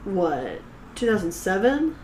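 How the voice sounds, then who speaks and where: A woman co-hosting a podcast in casual chat, chatty and full of "um" and "like", with quick agreeing replies. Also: mid-range voice, big pitch swings, darkish tone, slight background noise. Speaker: podcast co-host. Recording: roomy echo.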